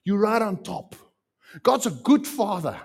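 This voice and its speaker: A man preaching a sermon as pastor, animated and repeating phrases for emphasis. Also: high voice, unhurried, husky.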